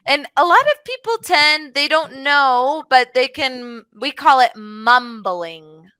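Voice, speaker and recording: Woman English tutor on a video call: bright, slightly high voice, patient, explains through examples, lots of "like". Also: animated, takes it slowly, no room sound, low-quality recording. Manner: patient, explains with many examples and fillers like "like" and "mm-hmm". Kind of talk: online one-to-one English lesson.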